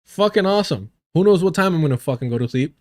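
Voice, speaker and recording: A man's voice: a little high, lively intonation, fast talker, darkish tone. A young man hosting a live stream, ranting with heavy profanity and scorn. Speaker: livestream host.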